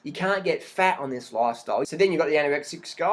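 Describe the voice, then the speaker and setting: A man rants to camera in an emphatic vlog style. His voice sits a little high, and he repeats his points and breaks into laughs often. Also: expressive, fast, hardly any pauses, poor audio. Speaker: vlogger. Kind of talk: animated vlog rant.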